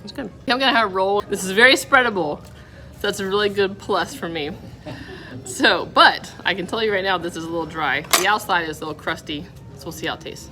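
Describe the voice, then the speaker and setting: In a restaurant dining room, a candid woman vlogger tastes dishes and rates them out of ten. She talks fairly quickly at medium pitch in a bright, forceful tone, with restaurant noise and faint music in the background.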